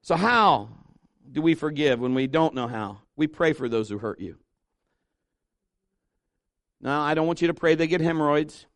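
A man preaching a sermon as pastor, animated and emphatic, dropping softer and lower when reading scripture aloud. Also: moderate pace, pauses often, no echo.

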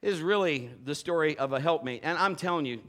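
A man preaching a sermon, telling lively personal stories and acting out the voices of the people in them. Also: on the high side, fairly quick. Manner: animated storytelling, playful quoted voices. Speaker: pastor.

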